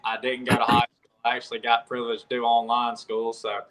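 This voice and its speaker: A man's voice: mid-range voice, monotone, brisk, fairly bright tone, poor audio. A nineteen-year-old man from Alabama with a strong rural Southern accent, answering podcast questions in a plain, humble way. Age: young adult. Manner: plain-spoken, humble, strong country drawl. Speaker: guest angler. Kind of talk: podcast interview.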